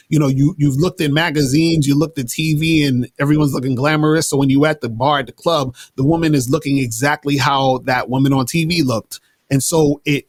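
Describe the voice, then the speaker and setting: Dating anecdotes come from a man being interviewed, delivered in an easygoing, slangy way with lots of false starts. His voice sits on the high side with a breathy edge, and there's no room sound.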